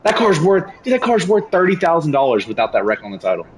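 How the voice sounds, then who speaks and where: A young man streaming a game, telling a story in a casual, animated rant full of slang and cursing. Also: mid-range voice, quick pace, low-quality recording. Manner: animated, profane, slangy ranting. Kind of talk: casual storytelling while gaming.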